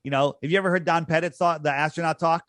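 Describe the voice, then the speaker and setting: Podcast guest, man, higher-pitched, emphatic and scornful, dry close mic. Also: fairly even intonation, fast talker, fairly bright tone, no echo. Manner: emphatic, scornful, repeats phrases for effect. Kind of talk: conversational podcast argument.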